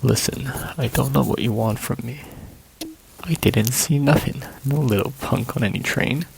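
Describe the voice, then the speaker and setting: A jittery hired worker stammers out defensive excuses, as a man voices him. His voice is gravelly and mid-pitched. It has the sound of a game character caught out. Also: normal speed, a little hiss or hum, lightly acted, poor audio. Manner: defensive, flustered pleading. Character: nervous male hired worker, jittery, evasive.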